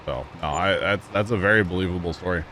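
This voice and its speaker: A man's voice: low voice, fast talker, pushed and bright, a little hiss or hum. A man casually chatting with his viewers while playing a farming game, rambling and laughing at himself. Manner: rambling, talks to chat, chuckles at himself. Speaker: livestream gamer.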